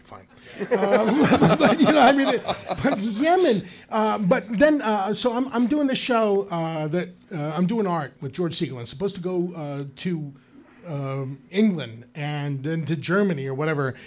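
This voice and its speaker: Man, high voice, guest actor, animated storyteller, live stage interview. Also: moderate pace. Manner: animated storyteller, laughs often. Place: live stage before an audience.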